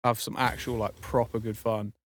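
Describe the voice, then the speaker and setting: A man's voice: fairly low pitch, flat delivery, normal speed. A young man, a podcast co-host, telling a rambling story in casual chat, full of fillers and swearing.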